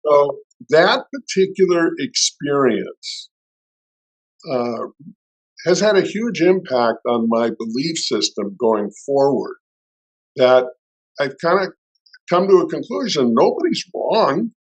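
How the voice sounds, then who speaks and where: A man's voice: fairly high pitch, sing-song, takes it slowly, poor audio. Middle-aged man telling a family story. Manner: anecdotal, with restarts and acted-out quotes. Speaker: podcast co-host. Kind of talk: personal storytelling in conversation.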